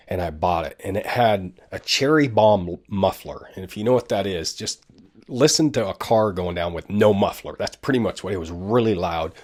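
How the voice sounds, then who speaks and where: Very deep-voiced man telling stories. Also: husky. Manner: rambling, self-deprecating storyteller with frequent asides. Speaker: podcast host. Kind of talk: casual storytelling.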